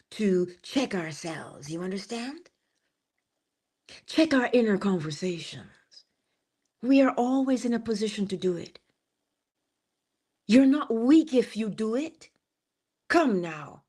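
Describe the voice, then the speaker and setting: A woman hosting a morning inspiration stream, giving a motivational talk with emphasis, dropping to a whisper on key phrases and acting out little scenes. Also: high voice. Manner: animated, laughs and acts out little scenes.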